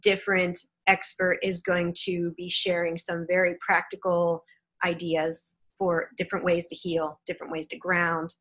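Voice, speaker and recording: A woman hosting a live online question session over a video call, speaking in a gentle, soothing, reassuring way. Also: on the low side, monotone, normal speed. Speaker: host.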